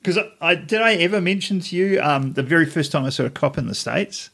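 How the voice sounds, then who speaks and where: A man in his fifties from New Zealand co-hosting a casual podcast, telling rambling stories with frequent pauses and restarts. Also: a little high, gravelly. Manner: relaxed, halting, rambling anecdotes. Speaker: podcast co-host. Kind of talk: casual chat.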